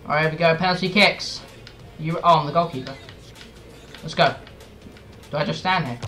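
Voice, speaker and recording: Young guy yelling and cursing at a soccer game, bit high voice, music playing in the back. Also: normal speed, poor audio. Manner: excitable, swears a lot, yells at the game. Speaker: gaming YouTuber. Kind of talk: gameplay commentary. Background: soccer game music and commentary.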